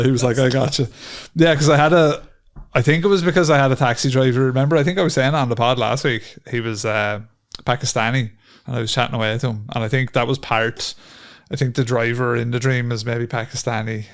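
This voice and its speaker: A man's voice: mid-range voice, fairly even intonation, fairly quick. A man co-hosting a podcast, telling rambling stories in casual chat, swearing freely and laughing often. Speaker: podcast co-host.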